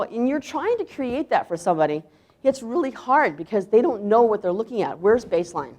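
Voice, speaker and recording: A woman chef giving a conference talk, emphatic, asking the audience rhetorical questions and acting out quoted voices. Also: medium pitch. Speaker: chef presenter.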